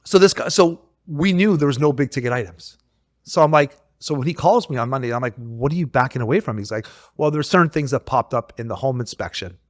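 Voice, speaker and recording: A man's voice: medium pitch, no echo, studio quality. A man working as a realtor, chatting casually on a podcast and telling a story in which he acts out what the other people said. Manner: animated storytelling, acts out quoted exchanges.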